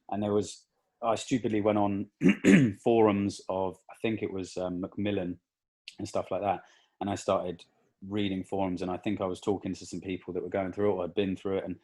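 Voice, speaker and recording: A young man with a lowish voice talks through a painful memory as a podcast guest. He stops and restarts often, his words catching with emotion. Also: a little mellow. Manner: halting, with many restarts and fillers, emotional. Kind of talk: emotional personal story in casual conversation.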